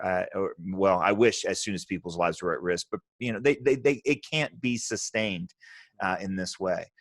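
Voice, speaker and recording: Deep-voiced man hosting a discussion. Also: no echo, studio quality. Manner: emphatic, thinking aloud. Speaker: podcast host. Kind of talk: casual discussion.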